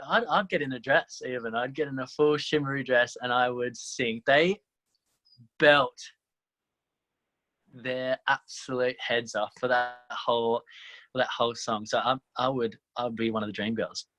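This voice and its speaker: Young male actor, twenties, lively guest who laughs a lot. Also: mid-range voice. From Australia (Tasmania). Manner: animated, laughs often, quick bright laugh. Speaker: musical theatre actor, guest. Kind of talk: casual interview chat.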